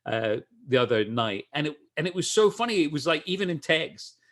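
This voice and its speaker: A man's voice: on the high side, big pitch swings, a little fast, a bit bright. A middle-aged man from Scotland with a Scottish accent, chatting as an interview guest, with many restarts and easy laughs. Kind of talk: casual video-call interview.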